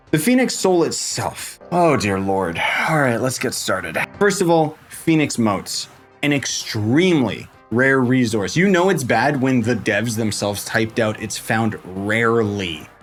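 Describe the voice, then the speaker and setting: A young man joking his way through a casual gameplay tutorial, rambling and poking fun at himself as he goes. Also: mid-range voice. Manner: joking, self-mocking, rambling asides. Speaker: game guide creator. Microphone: desk microphone.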